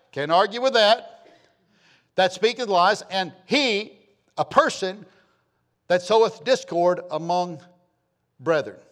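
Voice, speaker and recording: Fiery preacher man in his sixties. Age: 60s. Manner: fiery, swings from loud scripture reading to low asides. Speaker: pastor. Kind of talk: sermon.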